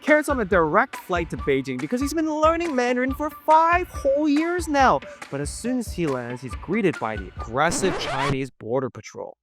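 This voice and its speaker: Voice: medium pitch, sing-song, moderate pace, hardly any pauses, music in the background. A narrator and language teacher giving scripted explainer narration in a playful, jokey way.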